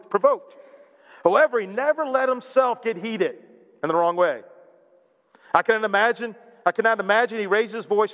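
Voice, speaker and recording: A man preaching a sermon as a pastor, animated and asking his listeners questions along the way. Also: high-pitched, big-room sound. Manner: animated, asks the congregation questions.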